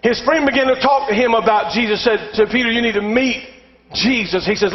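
A pastor preaching a sermon, swinging from raised, shouted exhortation to quieter storytelling. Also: male voice, very high voice, fairly quick. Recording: dull lo-fi sound in a long-reverb hall.

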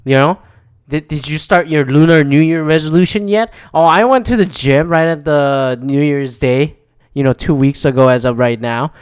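A man's voice: a little high, normal speed, clean tone. A young man hosting his own podcast in casual solo chat, rambling and swearing, with lots of fillers and restarts. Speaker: podcast host.

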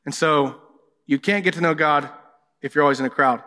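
A man's voice: on the high side, fairly quick, bright, forceful tone. A man preaching a sermon as pastor, candid and conversational, telling personal stories to his congregation. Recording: long hall reverb.

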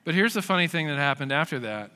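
Guy preaching a sermon, bright kinda high voice, goes loud then real quiet, big echoey hall. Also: lively intonation, quick pace. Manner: storytelling, shifting from loud acted quotes to hushed emphasis. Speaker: pastor. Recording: long hall reverb.

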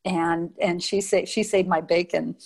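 In an interview, an older Nevada woman who once danced as a showgirl looks back on her past. Her voice is gravelly and fairly low, her pace measured, and she tells stories with gusto, acting out quotes and frequently starting sentences over.

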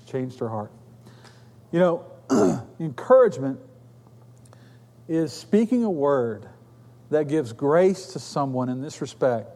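Chatty preacher in a reverberant church. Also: male voice, a little high, mellow. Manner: conversational storytelling preaching with asides. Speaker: pastor. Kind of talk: sermon. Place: church sanctuary. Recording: long reverb of a church hall.

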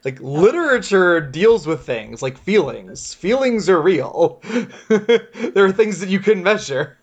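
Laughing, rambling man with a lively voice. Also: high voice, slow, slightly rough, muffled recording. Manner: joking, laughs often, rambling. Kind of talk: casual chat.

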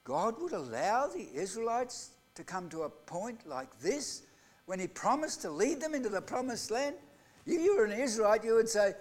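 A man preaching a live sermon in a church. He asks the congregation rhetorical questions and swings between loud outbursts and hushed lines. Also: high-pitched, big pitch swings, normal speed. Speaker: pastor. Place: church hall.

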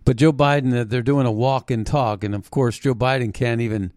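A man hosting a political commentary show, talking in a mocking, halting way with frequent restarts. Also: medium pitch, steady tone, a little mellow, no room sound, studio quality. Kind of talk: opinionated commentary monologue.

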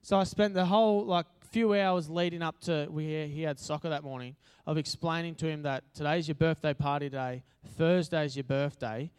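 A man's voice: on the high side, fairly even intonation, normal speed, hardly any pauses, clear, resonant tone. An Australian man giving a casual, chatty sermon at church, joking and using lots of fillers. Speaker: preacher. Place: church hall.

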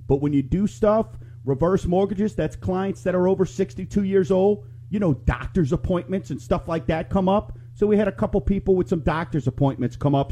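A middle-aged man talks on live radio in a loose, rambling, chatty way. His voice sits a little high for a man but sounds mellow and soft rather than bright. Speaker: radio show host and mortgage lender. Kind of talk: live talk radio chat.

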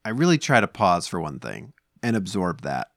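A man's voice: low voice, very animated, normal speed, a bit bright, no echo, clean studio sound. A man in his thirties co-hosting a podcast, talking casually at home in a rambling way, full of fillers and restarts. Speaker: podcast co-host. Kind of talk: casual chat.

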